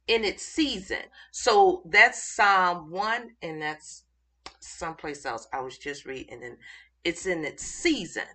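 A woman teaches scripture in an informal, excited way, often pausing and restarting as she looks for the next verse. She speaks slowly and deliberately. Her voice is bright and forward. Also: medium pitch, slightly rough. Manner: excited, halting, searching for verses mid-thought. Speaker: Bible teacher.

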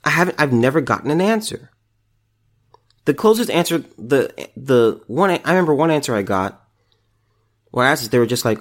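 Male podcast host, exasperated ranter, voice swings widely up and down, mid-pitched. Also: lively intonation, moderate pace, pauses often. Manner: exasperated ranting with repeated restarts. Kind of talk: solo opinion podcast.

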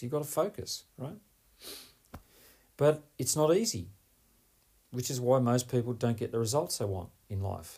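A man's voice: mid-range voice, a little mellow, slightly rough. A man hosting a solo podcast as a performance coach, talking in an emphatic, rambling way and often tagging on "right?".

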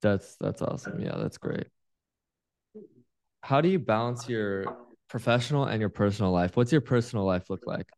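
A man's voice: lowish voice, normal speed, darkish tone, no echo. A man interviewing a guest, asking questions in an affirming, easygoing way.

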